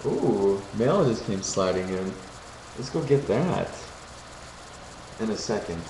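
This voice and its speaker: A young man streams from his home kitchen, tossing out crude jokes and wandering from one thought to the next. The webcam sound is roomy, with a steady layer of crickets and insects behind him. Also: fairly low pitch, slow, pauses often. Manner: joking, crude, easily distracted. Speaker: webcam streamer chatting with viewers. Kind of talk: casual rambling live chat. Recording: roomy home room with noisy background.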